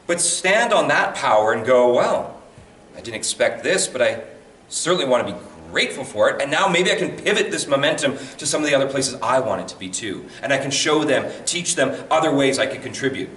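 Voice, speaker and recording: A man with a deep voice giving advice as a voice actor guest, telling stories animatedly and acting out quotes. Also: lively intonation, fairly quick, a bit bright, a little hiss or hum. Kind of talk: conversational advice talk. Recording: echoey room, mic at a distance.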